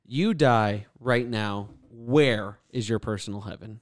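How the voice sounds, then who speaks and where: A young man hosting a casual podcast chat, relaxed and rambling with lots of fillers. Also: on the low side, slow pace, dry recording, studio quality. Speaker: podcast host.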